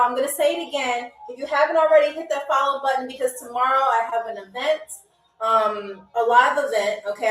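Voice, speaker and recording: A high-pitched young woman hosts a live-stream trivia game, encouraging the viewers in the chat and peppering her talk with "okay?" and "all right?". She sounds roomy and set back from the mic, with faint music underneath. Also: recorded from a distance. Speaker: game show host. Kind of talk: live-stream hosting, reading viewer comments.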